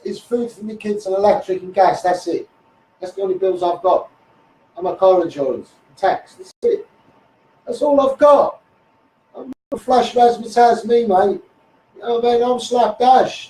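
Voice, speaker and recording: A man's voice: high voice, darkish tone, roomy sound, recorded from a distance, poor audio. A man with a Scouse accent in a blunt, rambling live stream rant, repeating "mate" and "you know what I mean". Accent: Liverpool (Scouse). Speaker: local campaigner on a live stream. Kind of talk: ranting live stream monologue.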